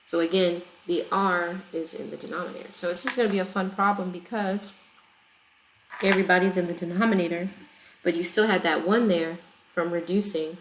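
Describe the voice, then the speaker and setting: A woman teacher with a fairly low, steady voice moves briskly through a math problem in a recorded lesson, explaining each step conversationally and frequently checking comprehension. The echoey room carries a little hiss or hum.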